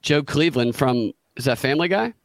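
A man's voice: medium pitch, lively intonation, brisk, no room sound, clean studio sound. A man with a Southern US accent, chatting as a podcast guest, joking and slipping into put-on voices. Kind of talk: casual podcast chat.

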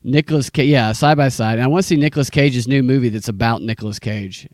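A man's voice: medium pitch, fast, darkish tone, dry recording, studio quality. A man hosting a casual podcast chat, enthusiastic and jokey.

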